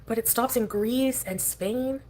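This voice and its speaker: A woman's voice: fairly high pitch, measured pace, darkish tone, slight background noise. A woman livestreamer chatting in a scattered way, drifting from one topic to the next. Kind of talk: rambling livestream chat.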